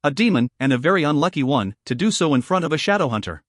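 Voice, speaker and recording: Male audiobook narrator, slightly high voice, close dry sound, measured delivery. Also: very animated, dry recording. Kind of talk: scripted narration.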